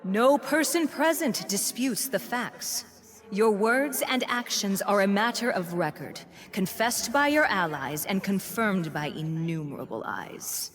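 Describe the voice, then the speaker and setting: A woman voicing a stern, slow-spoken inquisitor. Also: medium pitch, lively intonation, lightly acted. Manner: slow, formal, menacing pronouncements. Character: stern female inquisitor pronouncing judgment. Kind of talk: video game voice acting.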